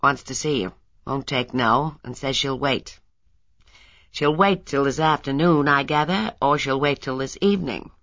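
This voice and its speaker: A woman reading an audiobook and voicing a brisk, blunt male doctor. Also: rumbling low, fairly bright tone, no echo, lo-fi sound, full character voice. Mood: frank. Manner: blunt, matter-of-fact.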